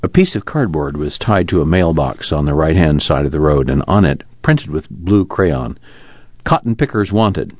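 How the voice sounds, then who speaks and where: Guy reading an audiobook, deep voice, dry and dull lo-fi sound. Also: animated, normal speed, few pauses, darkish tone, no room sound. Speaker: audiobook narrator. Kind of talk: audiobook narration.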